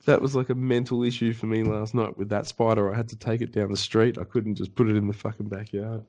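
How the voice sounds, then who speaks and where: Animated, swearing man telling a story. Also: on the low side, fast. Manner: animated, swearing often, acts out voices in his stories. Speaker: podcast co-host. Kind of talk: casual storytelling chat.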